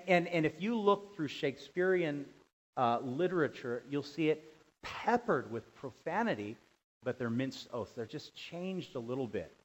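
A man preaching a sermon as pastor, animated, dropping to quiet asides and rising to loud emphatic bursts. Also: mid-range voice. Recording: dull lo-fi sound.

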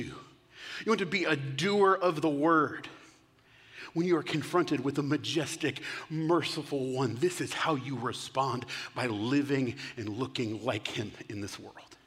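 A male pastor preaches in a conversational way and checks in with his listeners through frequent questions. His voice is bright and a touch high, and it carries with a long reverb in a church sanctuary. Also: breathy edge. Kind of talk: sermon.

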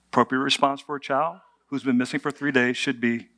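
A male pastor delivers a relaxed, conversational sermon. He speaks at a moderate pitch, leans on humor and rhetorical questions, and keeps a storytelling flow. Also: moderate pace, few pauses.

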